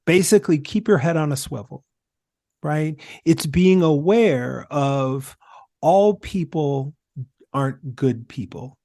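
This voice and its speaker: Man, gravelly voice, emphatic storytelling, dry close sound. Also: a little high, slow pace, mellow, no room sound. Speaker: podcast guest. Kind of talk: conversational discussion.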